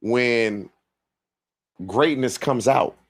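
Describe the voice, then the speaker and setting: Male panelist, plain-spoken coach type, blunt and steady. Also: medium pitch, extremely slow. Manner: blunt, no-nonsense coach talk. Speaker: sports TV panelist. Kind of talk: sports debate show talk.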